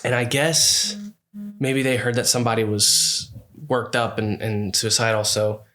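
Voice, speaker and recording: This man co-hosts a casual podcast chat and tells a long story in an animated way. He slips into quick impressions of the people in it and swears often. The tone stays relaxed and conversational. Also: mid-range voice. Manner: animated storytelling, acting out what others said, frequent swearing. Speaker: podcast co-host.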